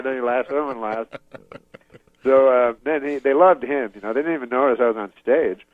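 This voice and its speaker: A man from Canada telling a rambling story in a deadpan, casual way, laughing at his own jokes, over a video call. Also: mid-range voice, brisk, no room sound. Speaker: comedian guest. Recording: dull lo-fi dry sound.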